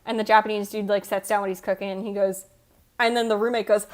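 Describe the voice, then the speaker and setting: A woman's voice: mid-range voice, fairly even intonation, fast. Rambly, casual woman streamer. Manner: rambling, self-interrupting and swearing casually. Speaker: livestreamer. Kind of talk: casual chat reading out viewer comments. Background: faint background music.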